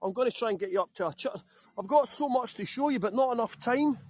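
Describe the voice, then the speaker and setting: A man's voice: extremely high pitch, lively intonation, quick pace, no echo. A Scottish man guiding a live-streamed walking tour outdoors, chatty and jokey, greeting viewers by name. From Scotland. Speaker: tour guide. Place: outdoors on town streets.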